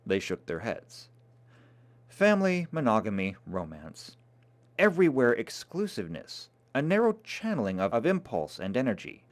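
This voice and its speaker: Dude reading a book aloud, super expressive, pitch swings all over. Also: male voice, moderate pace. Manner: dramatic, expressive. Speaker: reader.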